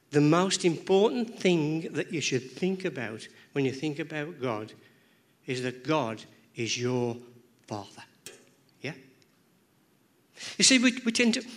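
Slightly high-voiced male preacher, repeating for emphasis. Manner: repeats words and phrases, rhythmic, emphatic. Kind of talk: sermon. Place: church.

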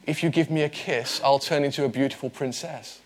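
A man's voice: medium pitch, fairly quick, slight background noise, lightly acted. A man doing a small insistent talking frog. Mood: coaxing.

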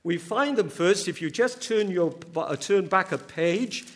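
A man's voice: sits high, lively intonation, unhurried. A man preaching a sermon, earnest and emphatic, swelling on key words and often restarting his sentences.

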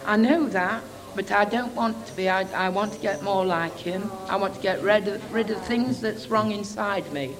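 A woman of ordinary middle pitch speaks up from a congregation to confess her failings. Her speech is earnest and halting, and she repeats words as she searches for them. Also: crowd noise, rough recording.

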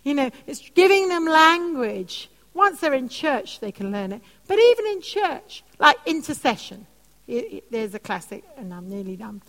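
A woman preaching and teaching on prayer, telling animated stories. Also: normal speed. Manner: animated storytelling, soft lowered voice for quoted comforting words. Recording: long hall reverb.

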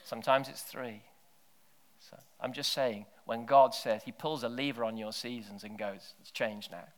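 A man preaching a sermon full of stories. He drops to near-whispers and then breaks into loud shouted bursts. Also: mid-range voice, fairly even intonation, normal speed. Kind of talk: sermon with storytelling.

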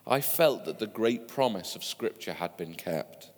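A man's voice: fairly low pitch, expressive, unhurried. A man preaching a sermon, telling stories in a conversational way with asides to his listeners. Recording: long hall reverb.

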